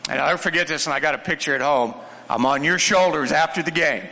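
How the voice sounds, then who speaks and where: A man, a former football player, telling an animated story on a panel and chuckling as he goes. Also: a little high, fast. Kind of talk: storytelling anecdote. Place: large hall with an audience. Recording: echoey hall.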